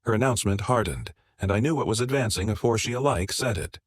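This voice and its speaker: A man narrating a first-person drama story in a steady, measured way. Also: on the low side, dry recording, studio quality.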